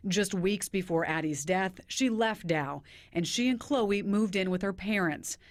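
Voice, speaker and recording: Woman reporter, scripted news narration, steady measured read, mid pitch.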